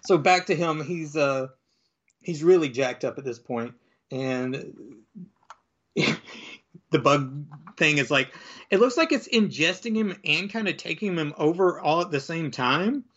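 A man chatting casually as he recaps a comic book, rambling with lots of fillers and slipping into quick character voices. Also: on the high side, expressive, fairly bright tone, highs cut off. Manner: rambling, filler-heavy, acts out quoted lines in different voices.

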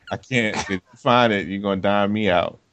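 A man's voice: lowish voice, a bit bright, slight background noise. A man co-hosting a casual chat about comics, teasing his friends and laughing often.

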